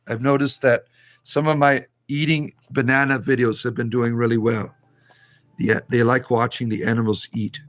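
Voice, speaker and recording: A man's voice: mid-range voice, dry recording. A man hosting a casual live stream, chatting playfully and coaxing his pet rabbits in a sing-song voice. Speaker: livestream host. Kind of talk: casual live chat with pets.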